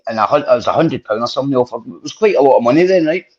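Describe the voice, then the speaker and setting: On dull, lo-fi podcast audio, a male host swaps casual, sweary stories that ramble and keep restarting. His medium-pitched voice is expressive, very fast, a little mellow and husky.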